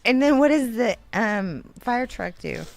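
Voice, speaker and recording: A woman's voice: a little high, lively intonation, a little slow, gravelly. A woman with a Texan accent co-hosting a casual chat show, giggly and prone to wheezing laughter. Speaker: co-host.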